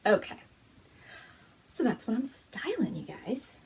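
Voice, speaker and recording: Gushing, excitable woman host, lively pitch. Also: measured pace, husky. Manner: gushing, breathless gasps and whispered exclamations. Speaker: host of a knitting and fiber podcast. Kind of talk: excited casual show-and-tell chat.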